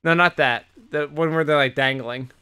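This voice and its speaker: A man co-hosting a casual podcast, retelling the week with lots of energy and plenty of swearing. His voice is smooth and resonant and sits a little high. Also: normal speed. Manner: animated retelling, heavy swearing. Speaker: podcast co-host. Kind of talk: casual chat recapping wrestling.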